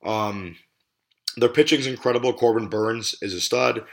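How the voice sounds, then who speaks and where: A man's voice: mid-range voice, moderate pace, vocal fry. A man hosting a sports podcast, talking casually in blunt, profane rants that run heated one moment and joking the next. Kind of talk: casual ranting sports talk.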